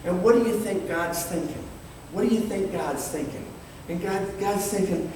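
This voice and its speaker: An older man preaching a sermon in a fiery, dramatic way, reading scripture slowly and emphatically and swinging between loud and quiet. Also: sits high. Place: large church hall. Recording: echoey hall from far off, faint background noise.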